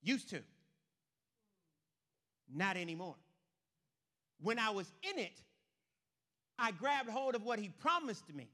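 A man preaching an animated sermon as pastor, swinging between loud outbursts and hushed lines. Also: sits high, slow pace, pauses often.

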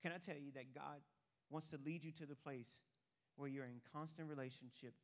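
A man preaching an animated sermon as pastor, swinging between loud outbursts and hushed lines. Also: fairly high pitch, brisk.

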